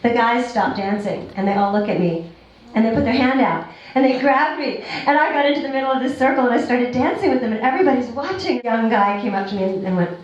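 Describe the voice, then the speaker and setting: Brief: excited female storyteller, distant, muffled and reverberant. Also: fairly high pitch, quick pace. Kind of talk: personal story told to a live audience. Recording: dull distant echoey barn.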